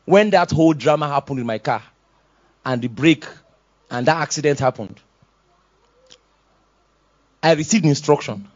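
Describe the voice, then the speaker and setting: A Nigerian man preaches with a high voice, dropping into quiet, chuckling asides before building to loud, shouted exhortations. The sermon sounds dull and lo-fi, like a modest church recording. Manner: swings from soft asides to loud shouted exhortations, laughs often. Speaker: pastor.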